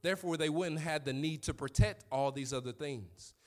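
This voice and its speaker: Male pastor, 30s, animated sermon storyteller with a slightly higher voice. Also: normal speed.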